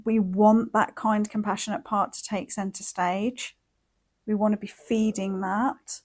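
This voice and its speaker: A woman hosting a wellbeing podcast, talking in a gentle, reflective monologue with frequent "like" and "you know" fillers. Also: mid-range voice. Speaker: podcast host and wellbeing coach.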